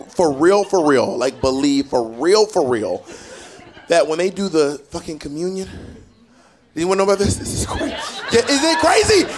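Animated, sassy male stand-up comic. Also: high-pitched. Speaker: stand-up comedian. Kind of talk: stand-up comedy set. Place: comedy stage before a live audience. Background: faint audience laughter.

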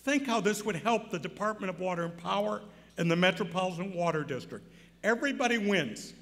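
An older man giving an award acceptance speech, telling a story and building to loud emphatic points. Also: high voice, animated, brisk. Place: large banquet hall. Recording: reverberant hall.

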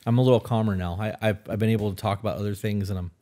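A man's voice: fairly low pitch, fairly even intonation, very fast, dark tone. Blunt, swearing man on a podcast. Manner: blunt, profane, opinionated. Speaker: podcast co-host. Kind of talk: casual opinionated chat.

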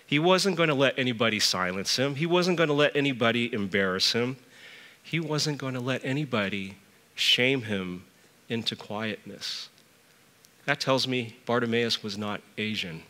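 Middle-aged male church elder, sermon delivery, bright tone, storytelling with emphatic pitch rises. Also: lively intonation, normal speed, in a large hall.

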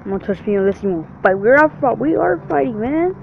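A man's voice: extremely high pitch, expressive, fast, vocal fry. A man giving brash, trash-talking gameplay commentary full of swearing. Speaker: gamer. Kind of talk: profane let's-play commentary. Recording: dull lo-fi recording with faint hiss.

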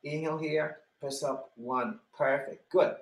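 A man's voice: on the high side, steady tone, measured pace, roomy sound. A man leading a live online exercise class, counting repetitions, cueing breathing and encouraging students by name. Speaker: fitness instructor.

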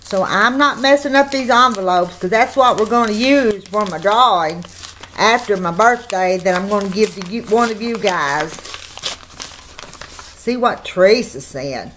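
A woman's voice: medium pitch, measured pace, fairly bright tone, a little hiss or hum. A woman with a Southern country accent, chatting folksily to her viewers while opening mail on her vlog. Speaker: channel host.

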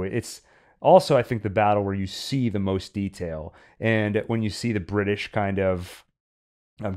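Male podcast co-host, lower voice, thoughtful film talk with restarts. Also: a little mellow. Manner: reflective, stammers on restarts. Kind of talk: casual film discussion.

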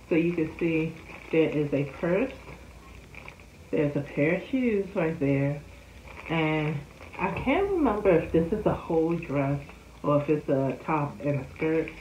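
Slow, low-voiced woman chatting. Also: darkish tone, a little hiss or hum. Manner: chatty, many fillers and small laughs. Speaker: doll hobby vlogger. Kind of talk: casual vlog chat. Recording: slightly dull, roomy home recording.

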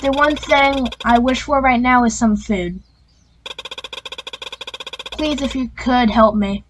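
A woman's voice: a little high, slow, background noise. A woman reading as a sad, guilt-ridden homeless boy. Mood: mournful. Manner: pleading and apologetic.

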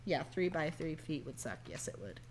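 A woman's voice: low voice, sing-song, moderate pace, background noise. A woman streamer chatting casually and joking with her audience while playing a game. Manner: joking, banters with chat and cohost. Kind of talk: casual gameplay chat.

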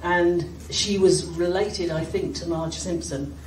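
A woman's voice: fairly low pitch, fairly even intonation, slow. A British woman telling a self-mocking comic story on stage at a fan festival, laughing as she goes. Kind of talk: comic anecdote told on stage. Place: hall at a fan gathering. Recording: distant echoey hall, loud crowd, noise.

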